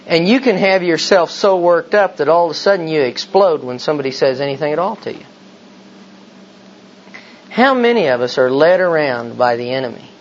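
A man's voice: a little high, moderate pace. A man preaching a sermon, emphatic and full of rhetorical questions. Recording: slightly dull recording with faint hiss.

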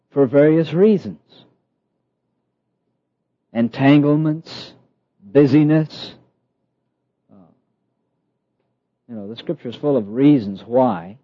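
A middle-aged man preaching a sermon, slow and emphatic, with dramatic pauses and soft asides. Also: medium pitch, no echo. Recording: dull, lo-fi dry sound.

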